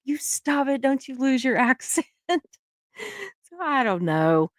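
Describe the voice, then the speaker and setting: A middle-aged woman with a Southern US accent, hosting a casual livestream chat. She talks warmly to her viewers and laughs often. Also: on the low side, no room sound, clean studio sound. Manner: chatty, laughs often, drawn-out words. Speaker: livestream host.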